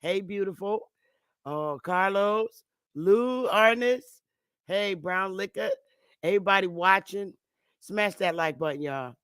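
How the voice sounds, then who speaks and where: Slangy, mocking man with a higher voice. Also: takes it slowly, fairly bright tone, smooth, dry recording, clean studio sound. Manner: loose, mocking, slangy delivery with profanity; rambling, with restarts and asides. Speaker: online show host. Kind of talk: casual ranting commentary to viewers.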